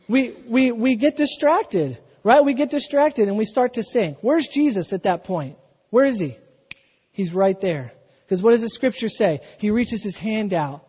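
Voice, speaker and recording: A man's voice: extremely high pitch, breathy edge. A man preaching a sermon off his notes, restarting phrases and building emphasis as he goes. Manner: unscripted, restarts, rising emphatic delivery. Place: church. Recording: dull, echoing church hall.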